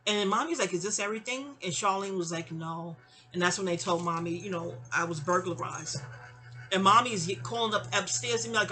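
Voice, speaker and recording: A woman in her fifties telling a long, rambling personal story, animated and digressive, with frequent exclamations. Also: mid-range voice, brisk, faint music behind. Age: 50s. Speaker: vlogger.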